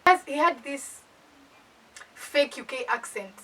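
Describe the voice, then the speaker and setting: Young Kenyan woman, animated storyteller, high breathy voice, distant mic. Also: slow pace, slight background noise. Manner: animated, indignant, code-switching. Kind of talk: casual storytime.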